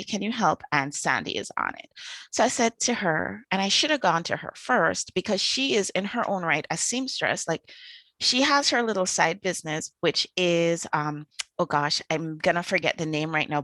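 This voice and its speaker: Female host, lively casual storytelling monologue, dry close recording. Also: lowish voice, dry recording. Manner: animated, acts out quoted panic. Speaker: show host and coach.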